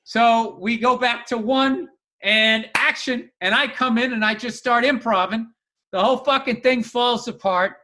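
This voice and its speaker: A man telling profane, animated comedic stories in casual podcast chat. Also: very high voice, a little slow. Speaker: podcast co-host.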